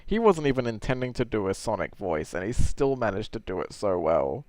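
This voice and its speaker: Animated male streamer, dry close sound. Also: fairly low pitch, dry recording. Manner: laughs easily, quick and animated. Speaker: host. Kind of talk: casual chat during a livestream Q&A.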